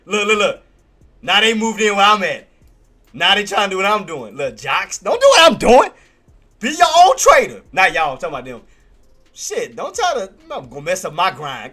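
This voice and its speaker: A man giving live trading commentary on his stream. He talks excitably, repeats himself often, and swears. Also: high-pitched. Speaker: day-trading livestreamer.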